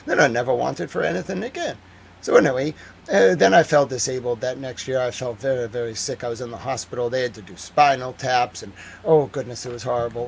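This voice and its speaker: A man's voice: medium pitch, brisk, vocal fry, a little hiss or hum, low-quality recording. Rambling Boston-accented man livestreaming. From New England. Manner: rambling, many fillers like "like". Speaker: news livestreamer. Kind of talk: casual livestream monologue.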